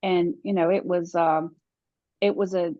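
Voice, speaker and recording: Interviewed about her work guiding people through real estate relocations, a woman talks in a chatty way, frequently starting over and breaking into laughter. Her low, mellow voice stays steady at a measured pace. The recording is dry and dull lo-fi with no room sound.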